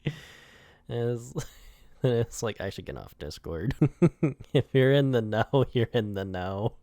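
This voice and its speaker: A man's voice: mid-range voice, lively intonation, slow pace, a little mellow, no echo, studio quality. A young man casually talking through his own storyboards, rambling, laughing often and swearing, with lots of "like" in his speech.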